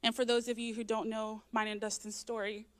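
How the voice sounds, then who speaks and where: A woman's voice: a little high, flat delivery, fairly quick, clean tone. A woman sharing an earnest personal testimony in church, her voice close to tears at times. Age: adult, raising young children. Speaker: church member giving testimony. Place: church sanctuary.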